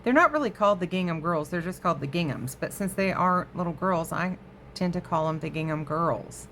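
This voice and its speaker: A woman's voice: lowish voice, lively intonation, a little fast, fairly bright tone, a little hiss or hum. A woman hosting a crafting vlog from her home craft room, chatting casually to viewers and easily sidetracked. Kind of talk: casual show-and-tell chat.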